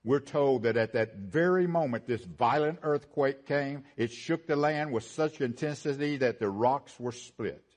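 A man preaching a sermon, swinging from rising, emphatic build-ups to hushed low lines and repeating phrases for emphasis. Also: measured pace, hardly any pauses.

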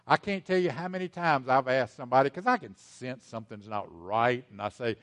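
A man preaching a sermon to his congregation, repeating key lines for emphasis and swinging between loud and hushed delivery. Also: mid-range voice, lively intonation, brisk, hardly any pauses. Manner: speaks directly to the congregation as folks. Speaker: pastor.

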